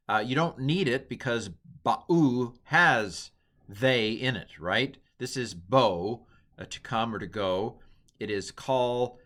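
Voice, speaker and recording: A man's voice: medium pitch, bright, forceful tone. A man teaching a language lesson in a casual, rambling way, correcting himself often and making small joking asides. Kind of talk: casual classroom lecture.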